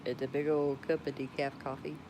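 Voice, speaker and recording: A woman's voice: extremely low pitch, level tone, background noise. A woman from Georgia with a Southern drawl, chatting casually and folksily with viewers on a livestream from home at night. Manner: slow, folksy, laughs often. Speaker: livestream host.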